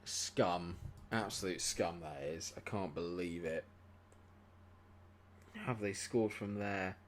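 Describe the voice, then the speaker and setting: Excitable man streaming a game. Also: deep voice, takes it slowly, slight background noise. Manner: swings from muttering to excited shouting, swears at the game. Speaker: gaming streamer. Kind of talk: live gameplay commentary.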